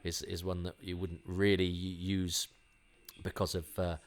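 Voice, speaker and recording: Rambling man, low voice. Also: flat delivery, measured pace. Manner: rambling and enthusiastic, with many restarts. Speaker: podcast host. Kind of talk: casual conversational commentary.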